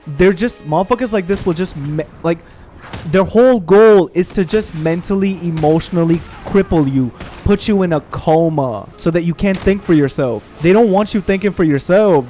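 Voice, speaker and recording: A man ranting with emphasis and plenty of profanity, giving commentary over gameplay. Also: a little high. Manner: profane, animated, emphatic venting. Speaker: gaming streamer.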